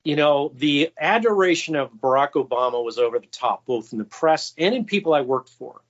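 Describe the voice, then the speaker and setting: A man recounts behind-the-scenes stories as an interview guest, chatty and anecdotal. His voice sits a little high for a man. The audio is dull and lo-fi. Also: lively intonation, moderate pace. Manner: anecdotal, acts out quoted voices with raised pitch. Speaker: guest, former White House stenographer. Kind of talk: storytelling interview answers.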